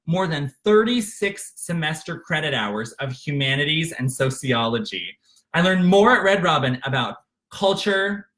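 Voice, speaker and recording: Bright, lively man telling his own story. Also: on the high side. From Arkansas, USA. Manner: candid and emotional, with frequent fillers and restarts. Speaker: author narrating his memoir. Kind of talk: unscripted memoir narration.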